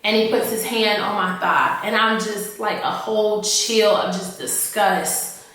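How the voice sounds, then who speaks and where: A woman officer telling a personal story in a halting, earnest way, often repeating herself. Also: medium pitch, fairly even intonation, a bit bright. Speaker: army officer recounting her experience. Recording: echoey room, voice from off-mic.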